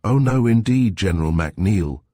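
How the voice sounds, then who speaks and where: A man's voice: lowish voice, lively intonation, moderate pace, dark tone, dry recording, clean studio sound, voice pushed up. A man reading the lines of a meek, polite young woman. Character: meek but spirited young woman narrator.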